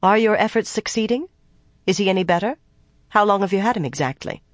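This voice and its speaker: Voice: mid-range voice, lively intonation, fairly quick, no room sound, voice pushed up, natural voice. A narrator voicing a young woman leader who speaks firmly and with urgency, in a dry, close recording. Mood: probing. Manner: firm, urgent.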